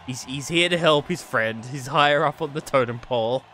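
A man giving live stream commentary on a wrestling video game, excitable, swearing and laughing often, swinging between yelling and muttering. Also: mid-range voice, moderate pace, a little hiss or hum.

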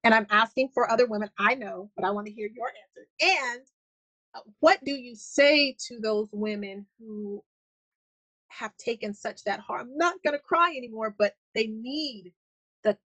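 A woman's voice: on the high side, measured pace, a bit bright, breathy edge, no room sound, rough recording. A woman co-hosting a faith-based talk show, speaking earnestly and rambling through her thoughts. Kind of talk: casual faith-based conversation.

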